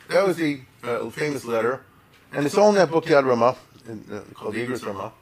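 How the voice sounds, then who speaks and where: An older man giving a lively lecture in a yeshiva manner, often checking his listeners follow with quick rhetorical questions. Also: medium pitch. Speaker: Torah teacher. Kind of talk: lecture on Jewish history.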